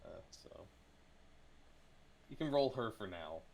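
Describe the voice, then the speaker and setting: A man's voice: lowish voice, animated, slow, darkish tone, slight background noise, low-quality recording. A man serving as game master, thinking aloud as he makes rulings in a casual tabletop session.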